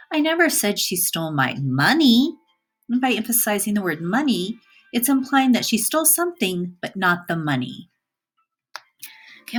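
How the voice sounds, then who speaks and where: A woman teacher narrating a recorded slide lesson, speaking clearly and deliberately, stressing single words for emphasis. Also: mid-range voice.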